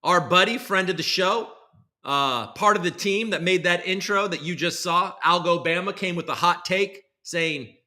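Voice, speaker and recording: A young man hosting a casual livestream, rambling and sarcastic, jumping from loud bursts to low muttered asides. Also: normal speed. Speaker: host.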